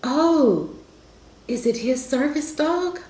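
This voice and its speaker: A woman putting on a baffled, high-pitched young lady. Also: slow pace, mellow, reverberant, rough recording. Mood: baffled, curious. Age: young adult. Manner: high, surprised questioning. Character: curious young woman stranger, baffled and prying.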